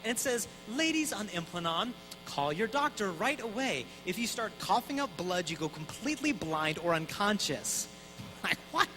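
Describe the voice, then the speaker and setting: A man in his thirties giving an energetic, conversational talk at a conference, acting out voices in his stories. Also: sits high, moderate pace, over music, rough recording. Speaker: Catholic speaker. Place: conference hall.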